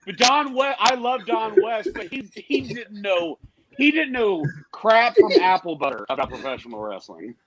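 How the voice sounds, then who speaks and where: High, lively man joking on a podcast. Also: normal speed, crowd noise, rough recording. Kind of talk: casual chat.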